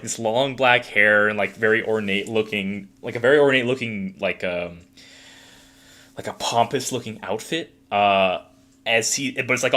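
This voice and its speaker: Man running a tabletop game, bright voice, rambling, filler-heavy, casual. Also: mid-range voice. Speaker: dungeon master.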